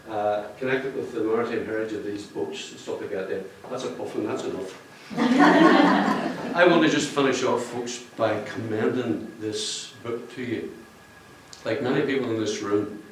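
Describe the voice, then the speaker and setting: Addressing a roomful of people at a book launch, the cover artist rambles, jokes, and laughs at his own jokes in a voice on the low side. A distant mic catches him in a heavily reverberant function room, with a faint hum of ambience behind him.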